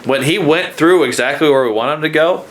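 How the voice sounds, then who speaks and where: A man's voice: a little fast, a bit bright. A man co-hosting a podcast, chatting casually about deer calling and joking about what the deer think. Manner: jokey, voices deer in high silly tones. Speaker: podcast co-host. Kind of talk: casual hunting chat.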